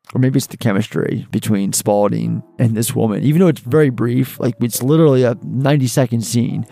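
A man's voice: medium pitch, vocal fry, darkish tone. A man hosting a film podcast, chatty and rambling with many fillers. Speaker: podcast host. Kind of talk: casual film podcast talk.

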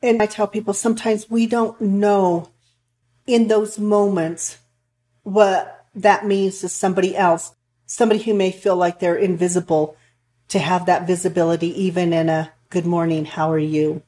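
A counselor for couples and families talks earnestly in a casual chat, her lowish, mellow voice steady and moderately paced as she rambles a little and restarts while telling stories.

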